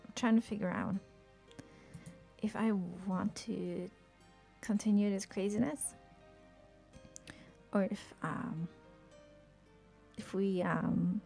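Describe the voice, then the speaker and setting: Excitable gravelly woman streaming a game. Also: medium pitch, slow pace, long pauses, soft background music. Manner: excitable, swears often, laughs, trails off. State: sick with a headache. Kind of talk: live gameplay commentary.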